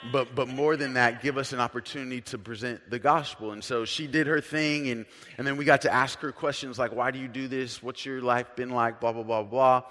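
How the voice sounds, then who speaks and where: A male pastor preaching a sermon as a story, conversational and earnest, swinging between soft, hushed lines and loud emphatic ones. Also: mid-range voice, fairly even intonation, fairly quick, few pauses, in a large hall.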